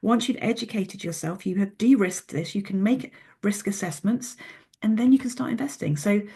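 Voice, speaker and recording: Husky woman, middle-aged, podcast guest, animated storytelling. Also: mid-range voice, moderate pace. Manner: animated storyteller, many restarts. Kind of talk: casual interview talk.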